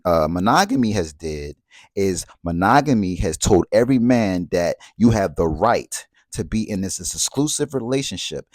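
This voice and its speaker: Man, lowish voice, dry close sound, reflective talk peppered with "right?". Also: no room sound. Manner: conversational, asks rhetorical questions and checks in with "right?"; repeats phrases for emphasis. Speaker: speaker on relationships and spirituality. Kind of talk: reflective spoken monologue.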